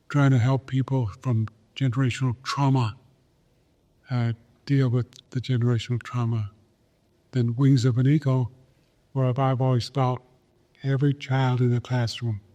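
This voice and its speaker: Older man, interview guest, earnest storytelling, warm mellow tone, repeats key phrases. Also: medium pitch. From Pine Ridge Reservation, South Dakota, USA. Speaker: guest, Olympic champion. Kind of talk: reflective storytelling in a podcast interview.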